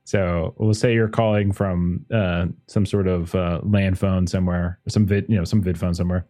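A man narrating as game master of a tabletop game in a relaxed way, with plenty of fillers. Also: sits low, moderate pace.

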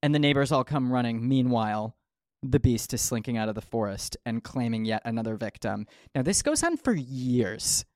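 Lively, jokey man telling a story. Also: medium pitch, normal speed, no room sound, studio quality. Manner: playful, jokey, lots of ums and asides. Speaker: podcast host. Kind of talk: comic podcast storytelling.

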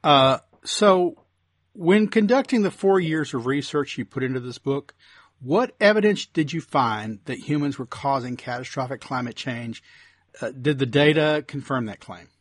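A man hosting an interview, asking steady, prepared questions. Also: medium pitch, normal speed, no echo, studio quality. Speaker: interviewer for a think tank.

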